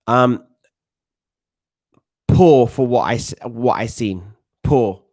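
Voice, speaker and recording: Man in his thirties, London accent, casual live-stream commentary, mid-pitched, self-assured. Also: slow, darkish tone. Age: 30s. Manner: chatty, self-assured, greets viewers and reads chat. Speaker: football watchalong streamer.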